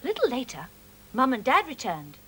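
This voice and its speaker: A woman's voice: high-pitched, wildly swooping pitch, brisk, a bit bright, husky, poor audio. A woman presenting a children's show, reading a storybook aloud expressively.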